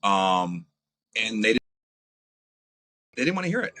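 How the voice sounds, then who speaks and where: A man, a podcast guest, telling crude, blunt stories in a casual, animated way. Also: lowish voice, a little slow, poor audio. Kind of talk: profane casual storytelling.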